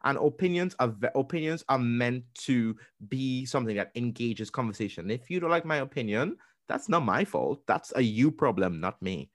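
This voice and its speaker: A young man co-hosting a podcast, chatting in a lively way, acting out what people said and restarting his sentences. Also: medium pitch, moderate pace, no echo, studio quality. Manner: animated storytelling, acting out quotes with restarts. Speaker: podcast co-host. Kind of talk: casual interview chat.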